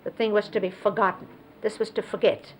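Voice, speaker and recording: A woman recalling memories in an unhurried storytelling way, explaining and demonstrating hand gestures as she goes. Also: mid-range voice, steady tone, slight background noise, low-quality recording. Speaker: close companion recounting memories of a spiritual teacher. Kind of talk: reminiscing storytelling. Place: 1970s videotaped sit-down interview.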